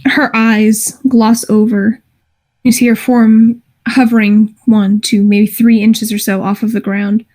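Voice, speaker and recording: A woman narrating a tabletop game as game master, in a descriptive, halting way with frequent restarts. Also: fairly high pitch, flat delivery, a little mellow.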